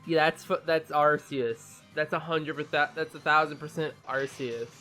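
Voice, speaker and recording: A gaming YouTuber who just woke up gives an excitable, swearing reaction to a game trailer and stumbles over new names. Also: mid-range voice, normal speed, soft background music. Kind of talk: casual reaction commentary.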